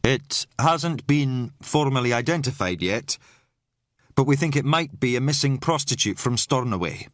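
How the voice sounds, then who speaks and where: A man voicing a calm police officer addressing a tense meeting in a measured, firm way. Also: medium pitch, no echo, studio quality, lightly acted.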